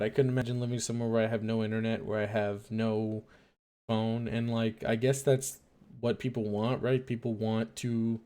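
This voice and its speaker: Mellow-voiced man rambling on a stream. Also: mid-range voice. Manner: rambling, hesitant, filler-heavy, musing aloud. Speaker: late-night radio-style stream host. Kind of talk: casual rambling monologue.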